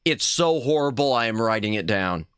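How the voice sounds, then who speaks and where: Man streaming a retro game, bright tone, lively pitch, playful and self-mocking. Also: normal speed, smooth, no echo, studio quality. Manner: playful, chatty, laughs at himself, reads game text aloud. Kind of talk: casual live-stream gaming chat.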